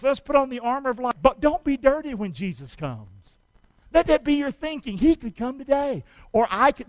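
Male pastor, high pitched, dry close-miked sermon with call-and-response. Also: dry recording, rough recording. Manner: call-and-response preaching, shouting exhortations.

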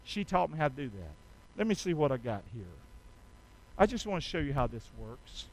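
A middle-aged pastor, preaching a sermon with call-and-response that swings from soft to loud. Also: male voice, fairly high pitch, big pitch swings, fairly quick, rough recording.

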